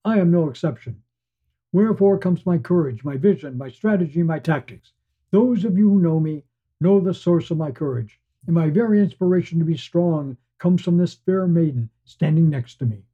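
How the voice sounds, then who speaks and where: A man's voice: on the high side, animated, normal speed, husky. A man voicing a charismatic male hero who slays dragons, making a grand speech to a crowd in a read-aloud story. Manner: declaiming, orator addressing a crowd. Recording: dull lo-fi sound.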